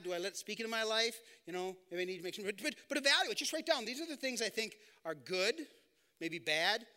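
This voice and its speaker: A man's voice: sits high, pushed and bright, in a large hall. A man preaching a conversational sermon, often restarting his sentences and acting out the inner thoughts of his listeners. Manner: conversational, repetitive restarts, acts out quoted thoughts. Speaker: pastor. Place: church.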